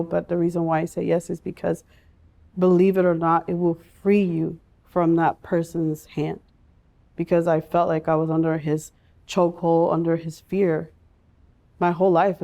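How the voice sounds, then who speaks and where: A woman in her forties telling her personal story in an interview, speaking earnestly and from the heart, with pauses and restarts. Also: on the low side, dark tone. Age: 40s. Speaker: guest sharing her life story.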